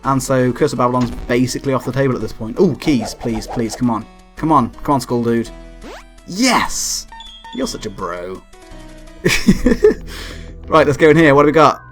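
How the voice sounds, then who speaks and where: A young man giving let's play commentary, excitable, swearing and yelping at the game when frustrated. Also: mid-range voice, brisk, faint music behind. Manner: swears and laughs often. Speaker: gameplay commentator.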